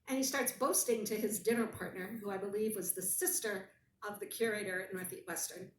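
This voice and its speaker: An animated woman tells a story in relaxed conversation, with dry, wry asides. Her voice sits at a middle pitch. She sounds some way from the mic, in a roomy space with a faint hum of ambience behind her. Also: fairly quick, distant mic. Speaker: guest.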